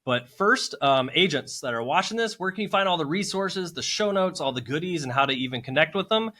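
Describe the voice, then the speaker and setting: A man's voice: a little high, expressive, a little fast, bright, forceful tone. A man hosting a podcast, upbeat and effusive as he introduces guests and asks questions. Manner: enthusiastic and effusive. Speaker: podcast host.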